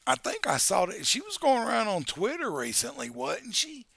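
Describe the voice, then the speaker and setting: A man's voice: high-pitched, huge pitch swings, moderate pace, vocal fry, pushed and bright, slightly rough, no room sound. A man in his forties chatting casually on a live stream through a headset, rambling and joking. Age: 40s. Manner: rambling and joking, with baby talk to his dog.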